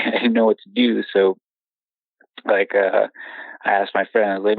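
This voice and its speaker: A young man tells his own story in a rambling, halting way, full of restarts and nervous laughs. His voice sits low and gravelly. He comes through a tinny phone line with a dry, close sound. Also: flat delivery, dry recording. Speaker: caller telling his own encounter story. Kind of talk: casual storytelling.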